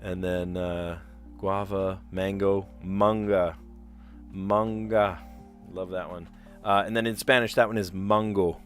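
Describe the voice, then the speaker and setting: A man's voice: sits low, flat delivery, slow pace, soft background music. A man chatting casually on a puzzle live stream, rambling and explaining where words come from. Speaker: streamer playing word puzzles.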